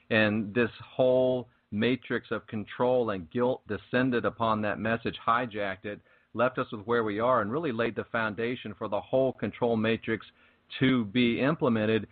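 A man's voice: medium pitch, fairly even intonation, moderate pace, no room sound. A man hosting a spiritual talk show, speaking with fervent, preachy emphasis in casual chat. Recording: tinny phone-like line.

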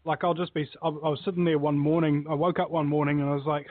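A man speaking as a guest in a casual chat, motivational and animated, telling stories. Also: a little high, fast, few pauses, no room sound. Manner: motivational, animated storyteller who laughs at his own tales. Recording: tinny phone-like line.

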